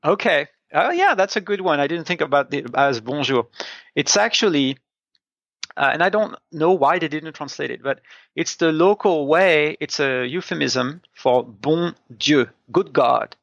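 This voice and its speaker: Gravelly Frenchman explaining at length. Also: fairly high pitch, lively intonation, moderate pace, fairly bright tone, no room sound. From France. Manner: thoughtful, explaining with many restarts. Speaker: podcast co-host. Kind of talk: casual comics review chat. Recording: dull, dry sound.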